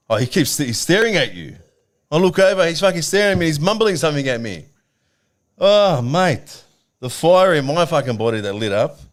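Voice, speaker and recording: Blunt swearing Australian bloke telling a story. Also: male voice, mid-range voice. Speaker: podcast co-host. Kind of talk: casual chat, storytelling.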